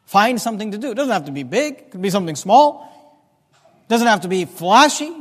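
A man's voice: high voice, sing-song, a little fast, a bit bright. A man preaching a sermon as pastor, reading scripture aloud with rising emphasis. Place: church sanctuary. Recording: reverberant church hall.

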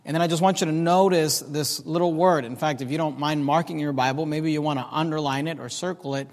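High-voiced preaching man, echoing hall. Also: fairly even intonation. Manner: preaching, drawn-out emphatic quoting of scripture. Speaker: pastor. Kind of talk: sermon. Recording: long reverb of a large hall.

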